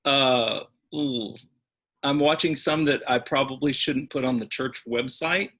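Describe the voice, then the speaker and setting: A man who directs a church's music, chatting warmly as an interview guest and gently poking fun at himself. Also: medium pitch, a little slow. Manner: warm, chatty, self-deprecating. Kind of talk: casual interview chat.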